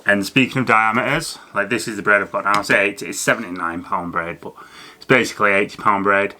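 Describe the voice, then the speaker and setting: Bright-voiced man explaining fishing gear. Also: lowish voice, steady tone, fast, slight background noise. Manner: chatty, loose with fillers and restarts. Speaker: fishing channel host. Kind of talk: casual educational talk to camera.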